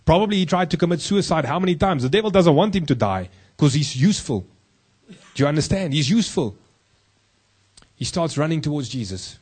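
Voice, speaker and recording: A male pastor preaching a sermon, husky-voiced, throwing rhetorical questions to the congregation and slowing down low for key points. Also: lively intonation, darkish tone.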